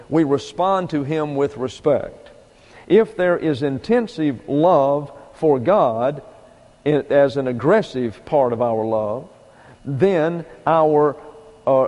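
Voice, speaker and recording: Male pastor, fairly high voice, methodical sermon delivery, reverberant room. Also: a little mellow. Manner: measured, methodical teaching.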